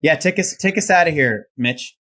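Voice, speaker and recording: A man's voice: a little high, lively intonation, moderate pace, sharp tone. A man co-hosting a podcast, chatting in an easygoing, joking way. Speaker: podcast co-host. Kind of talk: casual podcast conversation.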